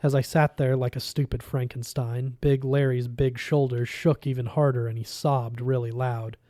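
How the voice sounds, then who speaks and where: A man reading a novel aloud in a steady first-person narration. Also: mid-range voice, normal speed, no room sound. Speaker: reader.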